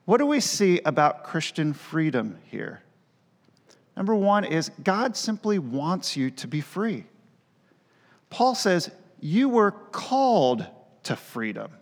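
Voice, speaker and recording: A man's voice: high-pitched, big pitch swings, slow, long pauses. Male pastor, sermon delivery, emphatic with casual asides, hall reverb.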